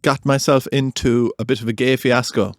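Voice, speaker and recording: A man's voice: medium pitch, steady tone, moderate pace, no echo, studio quality. An Irish man co-hosting a podcast, joking and riffing on comic ideas in casual chat. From Ireland. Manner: playful, teasing, riffs on comic ideas. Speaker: podcast co-host.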